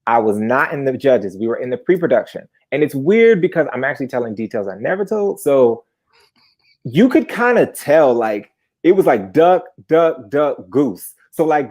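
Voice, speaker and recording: Animated young man telling a story. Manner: animated, chatty, jumps into high-pitched bursts. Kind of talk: live personal storytelling.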